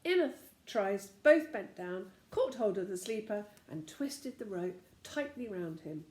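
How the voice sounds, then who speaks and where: A woman narrating a children's storybook aloud with an expressive reading manner. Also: mid-range voice, measured pace. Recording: roomy echo.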